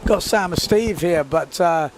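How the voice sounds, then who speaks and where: A man commentating live on a sports event, chatty and quick to laugh. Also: on the high side. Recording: faint outdoor noise.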